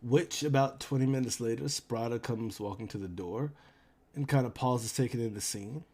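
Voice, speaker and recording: Relaxed man narrating as game master. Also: medium pitch, moderate pace.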